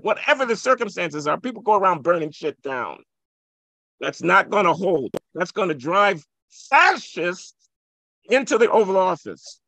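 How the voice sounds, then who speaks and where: Gravelly, high-voiced man arguing hard. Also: dry recording. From Chicago, USA. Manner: forceful, provocative, holds the floor. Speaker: guest economist. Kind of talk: impassioned podcast debate.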